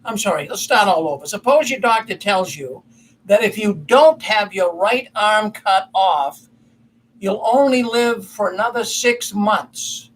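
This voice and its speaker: A man's voice: high-pitched, animated, unhurried, fairly bright tone, a little hiss or hum, poor audio. A man hosting a casual commentary show, telling a story in a rambling, folksy way and correcting himself as he goes. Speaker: commentary host.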